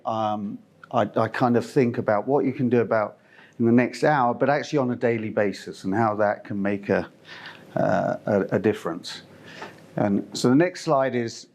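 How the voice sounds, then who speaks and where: A middle-aged man from Zimbabwe giving a conference presentation, chatty and meandering, with lots of fillers and restarts. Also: mid-range voice. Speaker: company presenter.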